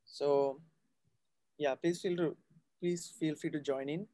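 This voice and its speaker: Guy teaching a voice class, unhurried, keeps asking right?, dry close sound. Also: a little high, fairly even intonation, dark tone, dry recording. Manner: patient, checks in often with "right?". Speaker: voice coach. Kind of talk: live online voice class.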